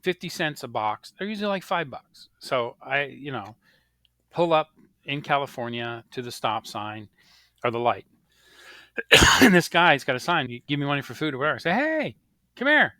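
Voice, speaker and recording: An animated man in his thirties tells stories on a podcast, his pitch swinging high and low as he acts out the people in them. His tone is bright and forceful, and the sound is dry and close with no room around it. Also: normal speed, no room sound. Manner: animated storyteller, acts out quoted voices. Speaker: podcast co-host. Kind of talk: casual storytelling chat.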